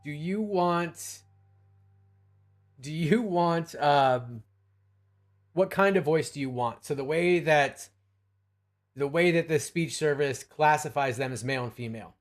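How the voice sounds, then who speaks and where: A man's voice: on the high side, measured pace, pauses often. A man hosting a live stream in casual talk, rambling and restarting his sentences often. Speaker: streamer host.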